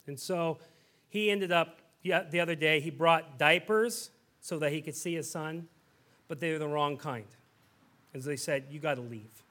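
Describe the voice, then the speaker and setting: A man in his thirties preaching a sermon as a pastor, telling a story in an animated, conversational way. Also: on the high side, moderate pace.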